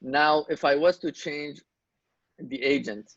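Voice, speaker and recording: A man's voice: fairly high pitch, slow pace, creaky, a bit bright, no room sound. A man teaching an Arabic grammar lesson, explaining step by step and checking understanding with questions to his students. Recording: dull lo-fi dry recording.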